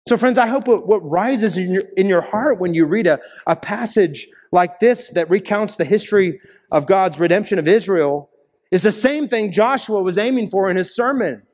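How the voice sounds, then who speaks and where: Male pastor, fairly high voice, earnest sermon delivery, long church-hall reverb. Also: expressive, moderate pace, darkish tone. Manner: earnest preaching with rising emphatic peaks.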